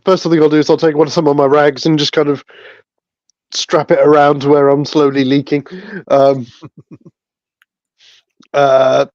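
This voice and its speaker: A man's voice: on the high side, darkish tone, dry recording, highs cut off. A man playing a tabletop role-playing game, talking in a casual, hesitant way. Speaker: player.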